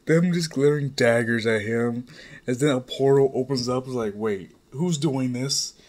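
A man's voice: medium pitch, measured pace, a little mellow. A man casually retelling a fan fiction story in a rambling, off-the-cuff way, swearing freely.

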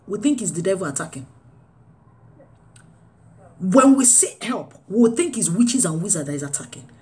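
A woman preaching a sermon with a fairly high voice. Her pitch leaps and dips all through, with loud urging phrases giving way to low, quiet lines.

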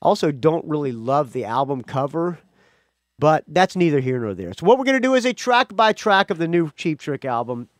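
The podcast host is a man whose sing-song voice sits on the high side, moving at a moderate pace on a dry recording of studio quality. Talking alone about music, he wanders chattily, breaking off to restart, correct himself, or add asides.

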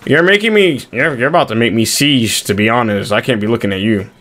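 Streaming an online shooter, a man with a medium-pitched voice and a fairly quick pace trolls other players in voice chat. He alternates mock-prim, deadpan scolding with bursts of loud mockery.

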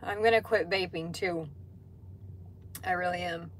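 A woman's voice: on the low side, fairly even intonation, unhurried, a little hiss or hum. A woman hosting a casual livestream from inside a truck cab. She reads viewer comments aloud and answers them in a candid, chatty way, swearing now and then. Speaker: livestream host.

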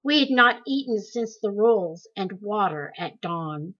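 Slow, bright-voiced woman reading aloud. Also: mid-range voice, animated, husky, dull audio. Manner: slow, deliberate storytelling. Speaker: audiobook reader.

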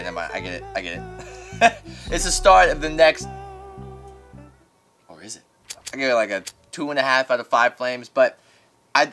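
A young man hosting radio, giving an excitable casual reaction to an album in a studio as he rates each track. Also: a little high. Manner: excitable, rates tracks in flames, laughs often. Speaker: radio host reviewing an album. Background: music playing.

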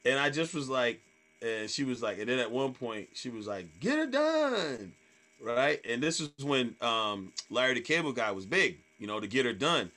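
A man, a comedian, telling stage stories in casual chat, swearing freely and acting out hecklers in loud voices. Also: medium pitch, moderate pace. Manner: animated storyteller, acts out hecklers in loud voices. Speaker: stand-up comedian guest.

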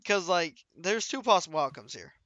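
A man's voice: sits high, expressive, fairly quick, pushed and bright, no room sound, muffled recording. A man streaming a game, chatting casually with his viewers and teasing his friends. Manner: joking, teasing banter with chat and friends.

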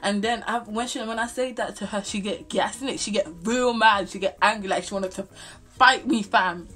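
A woman's voice: medium pitch, moderate pace, soft background music. A young woman telling a storytime vlog, full of slang and swearing. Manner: animated, slangy, swears freely. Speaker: vlogger.

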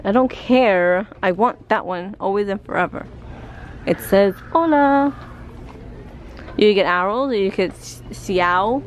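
A woman's voice: medium pitch, normal speed, a little hiss or hum. A woman vlogging while shopping in a store, chatty and giggly, teasing her partner. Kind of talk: casual vlog chat.

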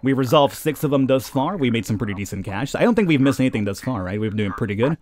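Lively young man's game commentary. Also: mid-range voice, quick pace. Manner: chatty, laughs at callers, talks to units. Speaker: let's play host. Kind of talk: casual gameplay commentary.

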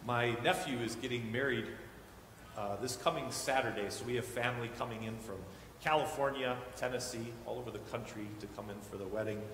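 A man's voice: mid-range voice, a little fast, a little hiss or hum. Man preaching in an echoey church. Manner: warm storytelling with animated quoted voices. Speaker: guest preacher. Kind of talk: sermon. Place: church sanctuary. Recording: echoey hall with long reverb.

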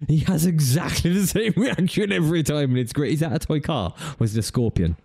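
A man's voice: on the high side, expressive, a little fast, vocal fry, dark tone, breathy edge. A man commenting on a video, laughing often and swearing playfully as he mocks what he sees. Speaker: reaction video host. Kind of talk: reaction commentary. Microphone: studio podcast mic.

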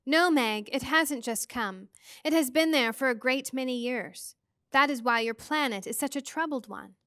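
A woman reading aloud voices a gentle, kindly otherworldly old woman who speaks softly and coaxingly. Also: high-pitched, normal speed, clean tone, no room sound, clean studio sound.

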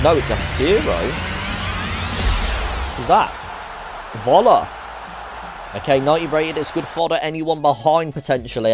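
Young male gamer, excitable pack-opening commentary, mid-pitched voice over faint background music. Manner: excitable, chatty, reacts aloud to each card. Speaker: gaming YouTuber.

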